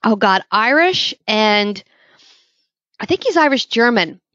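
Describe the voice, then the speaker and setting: Animated higher-voiced woman host, lo-fi. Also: slow, no echo. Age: 40s. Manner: chatty, animated storyteller, laughs often. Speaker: podcast host. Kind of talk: casual interview chat. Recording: dull lo-fi sound, dry.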